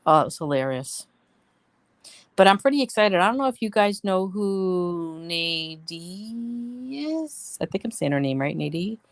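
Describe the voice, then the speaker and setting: A blunt woman vents and tells stories to her live-stream viewers, swearing freely as she goes. Her voice sits on the low side. The sound is dry and close, with no room around it. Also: expressive, a little slow, dry recording. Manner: chatty storyteller, talks to viewers. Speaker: livestream host. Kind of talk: casual live-stream chat.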